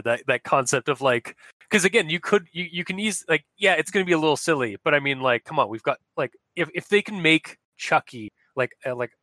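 Bright, rambling male podcast host. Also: fairly high pitch, dry recording. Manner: rambling, many restarts and laughs. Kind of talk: casual chat.

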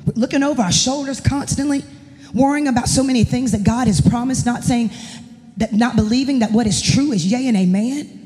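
A woman's voice: a little high, brisk, dark tone. Impassioned woman preaching in echoing church. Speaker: pastor's wife and worship leader. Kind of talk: sermon. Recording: long echoing reverb of a church hall.

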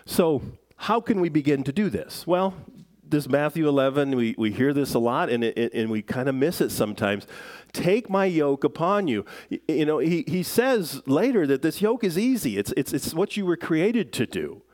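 A middle-aged man preaching a sermon in a relaxed, conversational way, with self-deprecating jokes and frequent fillers. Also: fairly high pitch, moderate pace. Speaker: pastor.

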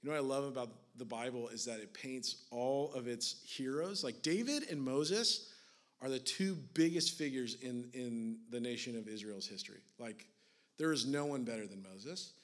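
A man delivers a sermon in a relaxed, chatty voice of ordinary pitch. He leans on casual fillers and swings between hushed, whispered moments and urgent, raised stretches. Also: normal speed. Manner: conversational, fillers of "like", rising to intense then hushed. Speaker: pastor.

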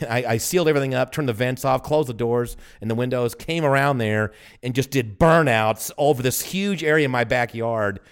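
Chatting casually as a podcast co-host, this man spins long, meandering stories, swears a lot, and laughs at his own jokes. He speaks at a moderate pace with a medium-pitched, clean voice.

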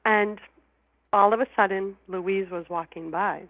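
A woman's voice: mid-range voice, fairly even intonation, moderate pace, no echo. Emotional woman telling her story as a guest, sounds like a phone call, repeats herself. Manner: heartfelt, emotional, repeats words. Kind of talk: personal storytelling in an interview. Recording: phone line.

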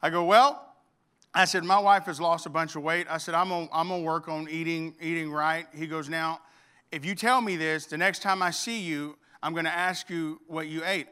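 Bright, clear-voiced pastor preaching. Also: male voice, a little high, moderate pace. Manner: storytelling with humor, acts out dialogue. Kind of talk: sermon.

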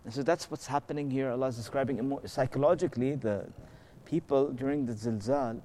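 A man's voice: mid-range voice, brisk, dark tone, slight background noise. Man teaching a casual scripture lesson. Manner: casual and explanatory, asks rhetorical questions and checks in with "okay?"; slips into melodic Arabic recitation of verses. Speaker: religious teacher.

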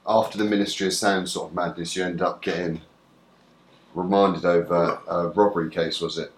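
A man interviewing a guest, cutting in with quick, short questions. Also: low voice, steady tone. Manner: quick, brief follow-up questions. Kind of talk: casual interview.

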